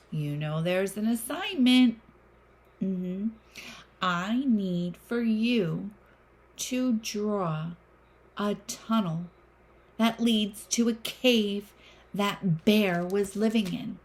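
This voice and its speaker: A woman teacher reading a picture book aloud to young children, expressive with gasps and exclamations. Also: mid-range voice, drawn-out words, slight background noise.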